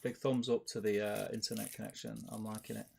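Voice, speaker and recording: A man's voice: fairly low pitch, level tone, a little fast, vocal fry, a little mellow, a little hiss or hum. A man hosting a live hobby stream, chatting casually and rambling with restarts while painting miniatures and reading out chat. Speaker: stream host.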